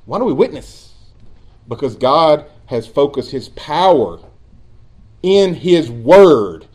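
A man preaching a sermon as pastor, earnest and emphatic, dropping at times into quiet asides. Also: fairly high pitch, sing-song, slow, slightly rough.

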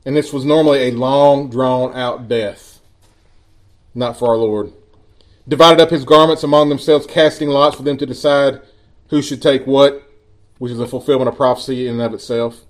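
A man preaching a sermon in a church, reading scripture slowly with emphatic pauses. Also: mid-range voice, steady tone. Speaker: pastor.

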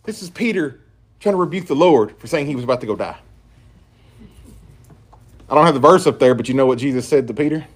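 A man's voice: medium pitch, fast, long pauses. A man preaching a sermon and reading scripture aloud in an emphatic style. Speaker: pastor.

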